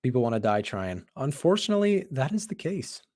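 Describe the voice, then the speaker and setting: A man hosting a live trading stream, hoarse from losing his voice, talking casually with many fillers and repeats. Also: medium pitch, sing-song, brisk, darkish tone. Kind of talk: live market commentary.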